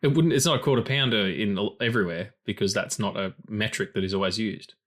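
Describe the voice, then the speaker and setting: Talking fast in a lowish, fairly bright voice, this man co-hosts a film podcast and comes from a different country than his co-host. The chat is casual, meandering and full of profanity as he hops between tangents.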